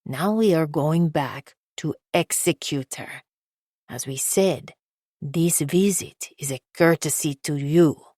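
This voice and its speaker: A woman's voice: low voice, measured pace, dry recording, studio quality. A woman narrator voicing a cold male hitman who speaks with careful, precise enunciation in an audiobook.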